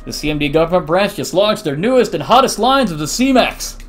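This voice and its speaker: Guy doing a loud overexcited ad announcer voice, pitched way up, bouncy, faint music behind. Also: expressive, brisk. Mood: hyped salesy. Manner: loud, salesy, exaggerated emphasis. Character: hyped male ad announcer, pushy and overexcited.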